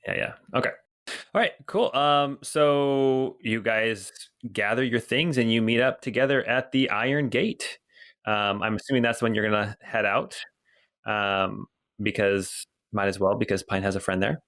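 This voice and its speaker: A man narrating as game master of a tabletop game, relaxed and rambling with many ums. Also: lowish voice, measured pace.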